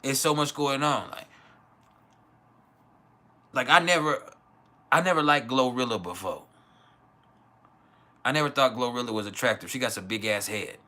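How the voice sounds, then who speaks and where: A man's voice: mid-range voice, moderate pace, pauses often, pushed and bright. A man from West Texas, hosting a casual livestream and giving blunt, profane opinions while answering chat. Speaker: livestream host.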